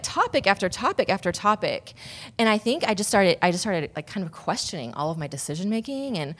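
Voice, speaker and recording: A woman's voice: medium pitch, very animated, a little fast, a bit bright. A woman on a podcast telling a personal story in a casual, rambling way, with many restarts and asides. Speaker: podcast guest.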